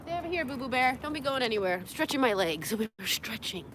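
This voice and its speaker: A woman's voice: sits high, animated, fast talker, noisy background. A tired young woman rambling through a livestream from her parked car, joking crudely, laughing often and cooing at her dogs. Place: parked car in a parking lot.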